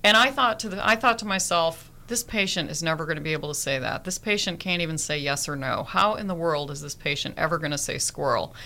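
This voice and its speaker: A woman's voice: sits low, quick pace, hardly any pauses, sharp tone. A woman nurse and therapy dog handler telling heartfelt stories in a radio interview, earnest and vivid.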